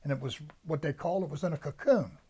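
Older male veteran, somewhat high voice, storyteller who acts out his old sergeants' orders. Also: fast talker, dark tone, slightly rough. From United States. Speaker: veteran interviewee. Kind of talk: oral history recollection.

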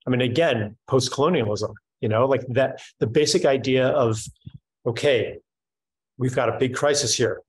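A man's voice: mid-range voice, normal speed, breathy edge, low-quality recording. A middle-aged man in a reflective conversation, talking thoughtfully with frequent restarts and fillers. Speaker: speaker in a panel conversation.

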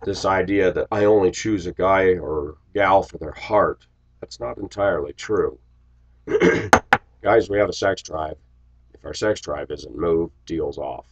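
A man from Los Angeles, a bus driver, telling workplace stories in a blunt, opinionated way and often clearing his throat. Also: sits low, measured pace, poor audio. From Los Angeles, USA. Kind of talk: casual storytelling monologue.

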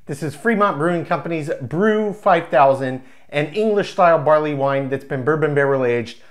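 A man with a slightly high, expressive voice reviews a craft beer at a moderate pace. He's casual and enthusiastic, savoring each word as he describes the flavors in loving detail.

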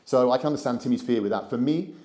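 A man's voice: mid-range voice, fast, mellow. A man from Britain answering interview questions in a conversational, hesitant way with many ums. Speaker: travel vlogger interviewed.

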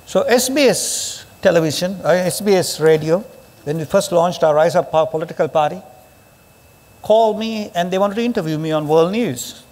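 A male pastor from Sri Lanka preaching a sermon in a church, emphatic and forceful with sudden rises in his voice. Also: high-pitched, normal speed. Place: church hall. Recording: long reverb of a church hall.

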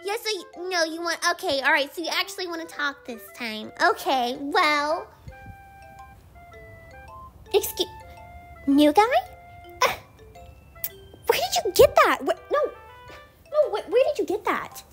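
A woman's voice: extremely high pitch, sing-song, a bit bright, faint music behind, full character voice. Natsuki, bratty tsundere teen, voiced by a woman. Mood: annoyed, defensive. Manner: snappy, defensive, swears, talks fast when riled. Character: bratty tsundere teen girl, prickly and easily flustered. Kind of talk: ASMR role-play.

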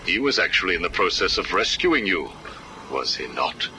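In a video game cutscene, a middle-aged male villain psychiatrist speaks very low and slowly, cold and calculating, delivering a coolly menacing interrogation with calm menace and lively inflection. Music plays beneath him, and the background is noisy.

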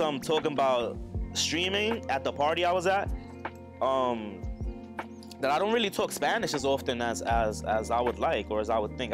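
A man streaming casually while he builds a model kit, joking crudely, laughing often and chatting to viewers. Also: mid-range voice. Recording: music playing underneath.

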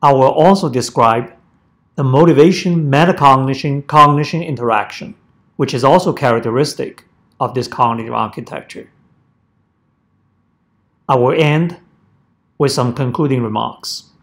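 Man giving a measured academic lecture. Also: medium pitch, a bit bright. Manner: measured, deliberate phrasing in short segments. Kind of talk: prepared academic presentation.

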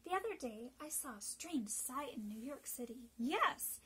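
Sabbath school lady reading kids a story, high voice, slow and gentle with big dramatic stress. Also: expressive, husky, low-quality recording.

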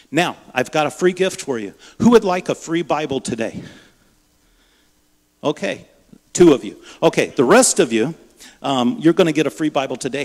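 A man preaching a sermon in a church, telling stories in a lively way and acting out the dialogue. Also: on the high side. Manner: lively storyteller, acts out dialogue. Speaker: guest preacher from a Bible ministry. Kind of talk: sermon with storytelling. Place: church sanctuary. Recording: reverberant church hall.

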